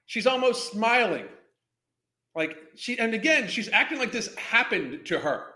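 A man's voice: high voice, very animated, measured pace, bright, forceful tone. A man hosting a reaction show, ranting at a clip with angry mockery and constant swearing. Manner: angry, mocking, heavy swearing. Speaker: commentary host. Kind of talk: profane ranting commentary. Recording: echoey room.

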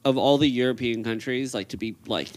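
A man's voice: mid-range voice, a little fast. A man co-hosting a podcast in casual, rambling chat with a twang and plenty of swearing. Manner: rambling, loose and profane. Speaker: podcast co-host.

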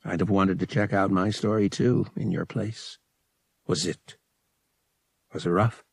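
A man voicing a caring young man who speaks low and soft to comfort someone. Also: steady tone, unhurried, gravelly, husky, dry recording, full character voice. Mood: gentle.

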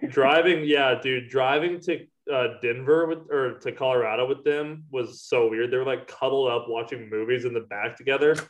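A man's voice: medium pitch, moderate pace, hardly any pauses, muffled recording. A young man in casual chat with friends, rambling, swearing casually and laughing often.

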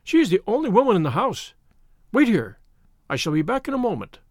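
A man voicing a nervous, timid gentleman who speaks in an anxious, pleading way. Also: sits high, huge pitch swings, brisk, no room sound, studio quality, heavily acted. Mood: urgent.

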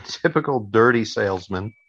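A man's voice: lowish voice, expressive, moderate pace, fairly bright tone, lo-fi sound. A man wisecracking and laughing while commenting on a horror film. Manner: dry wisecracks, frequent laughter. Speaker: co-host reacting to a film. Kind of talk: casual movie commentary.

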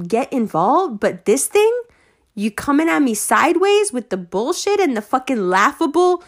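A woman ranting to her followers, heated and sarcastic, swearing freely and at times rising almost to shouting. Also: high-pitched. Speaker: online commentator.

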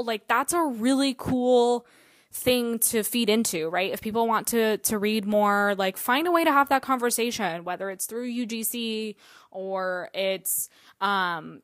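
A woman's voice: fairly high pitch, a bit bright, no echo. A woman hosting a solo podcast in a casual, chatty way, full of fillers and the odd swear word. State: out of breath. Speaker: podcast host.

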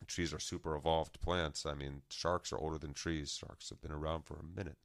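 A man's voice: extremely low pitch, fairly even intonation, a little fast, dry recording, clean studio sound. A man co-hosting a podcast, musing at length in a casual philosophical discussion and sometimes trailing off mid-thought. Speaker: podcast co-host.

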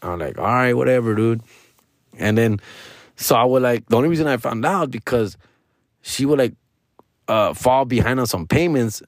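A man's voice: mid-range voice, lively intonation, normal speed, dry recording, studio quality. A man in his forties telling a casual story, full of slang and tossing in Spanish now and then. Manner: slangy, peppers talk with "dog" and "bro"; switches into Spanish mid-story.

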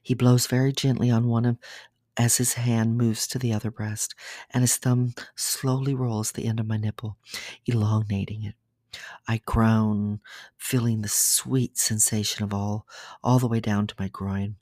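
A podcast storyteller giving a hushed whispered role-play reading of a bedtime story that often drops to a whisper, with small slips along the way. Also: mid-range voice, flat delivery, unhurried, no room sound, clean studio sound.

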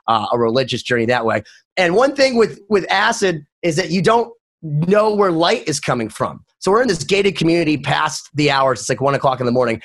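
A man in casual podcast chat, telling a story with lively swings in his voice for quoted friends. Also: on the high side.

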